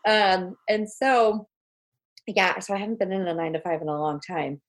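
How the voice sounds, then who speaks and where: A young woman guest telling stories about her life in a casual chat. She talks freely, with plenty of fillers and laughter, at a middling pitch. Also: fairly even intonation, normal speed. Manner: chatty storyteller, many fillers, laughs. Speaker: guest, homemaking mentor.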